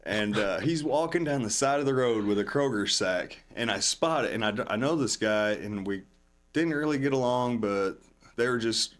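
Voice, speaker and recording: A man's voice: medium pitch, expressive, moderate pace. A man telling a long story in casual talk, rambling and raising his voice when he acts out what others said. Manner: rambling, acts out other people's lines in a raised voice. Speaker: podcast guest.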